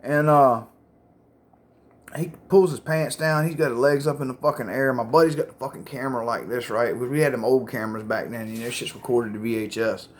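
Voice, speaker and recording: A man's voice: mid-range voice, fast, few pauses, a little hiss or hum. Profane man telling wild stories. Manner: profane, rambling, gets loud and excited telling jokes. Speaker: storyteller. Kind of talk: casual storytelling to a phone camera. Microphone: phone.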